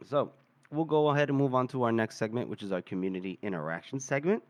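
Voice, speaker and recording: A man's voice: mid-range voice, fast talker. A man co-hosting a casual book discussion podcast, reading passages aloud and chatting with frequent laughs. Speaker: podcast co-host.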